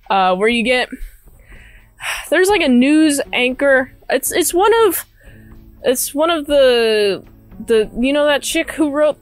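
A woman's voice: sits high, dry recording. A woman reviewing a movie in a casual, rambling way, with sarcastic asides and mocking quotes. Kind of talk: casual spoken movie recap.

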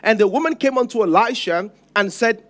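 A man preaching a sermon as pastor, emphatic and repetitive, dropping to a hush and then rising loud. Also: sits high, brisk.

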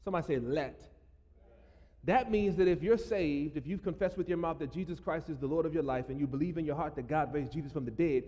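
A man's voice: on the high side, fast talker, long reverb tail. A man preaching a sermon as pastor, joking with the congregation and breaking into laughing asides. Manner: playful, jokey preaching with bursts of loud laughing asides. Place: church sanctuary.

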